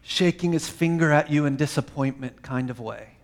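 A man preaching a sermon, swinging from emphatic lines to soft, quiet phrases. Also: on the high side, moderate pace. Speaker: pastor.

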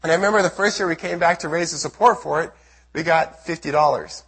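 A man from the United States giving an earnest testimony sermon to a church as a missionary speaker, telling his story with a husky voice. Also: a little high, fast, a bit bright. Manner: earnest storytelling, acts out his own prayers and quotes.

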